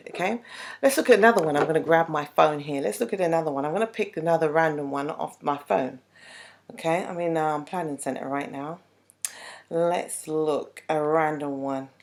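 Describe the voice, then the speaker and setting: A woman vocal coach explaining singing technique to worship leaders in a chatty, unhurried way, with frequent pauses and ums. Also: sits low, darkish tone.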